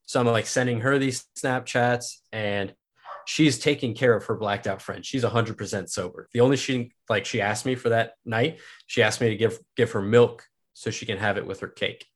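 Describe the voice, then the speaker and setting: A man's voice: medium pitch, fairly even intonation, moderate pace. A young man from Kansas, a podcast guest, telling a personal story in a casual, rambling way, full of filler words and swearing.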